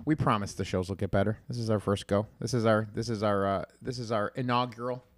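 A man's voice: on the low side, fairly even intonation, fast, no room sound. A man co-hosting a casual podcast, teasing his partner and laughing often. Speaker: podcast co-host. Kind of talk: casual banter.

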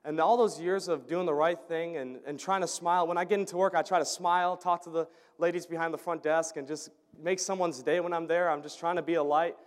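A man's voice: a little high, steady tone, fairly quick, few pauses. A man giving an earnest storytelling testimony about a mission trip, often restarting and repeating his words. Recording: long reverb of a large hall.

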